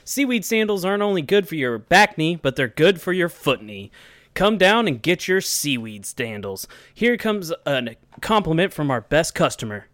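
A man putting on an overeager pitchman in a mock ad, with a pushy, rising sales patter. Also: sing-song, moderate pace, a bit bright, dry recording, clean studio sound. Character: overeager male sandal pitchman.

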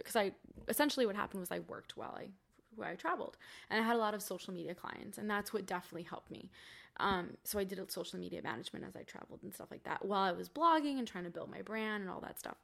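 Young woman guest, bright sharp voice, swears a lot, super casual storytelling. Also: medium pitch, quick pace, vocal fry. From Cuban family. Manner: candid, swears freely, heavy use of "like". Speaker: podcast guest.

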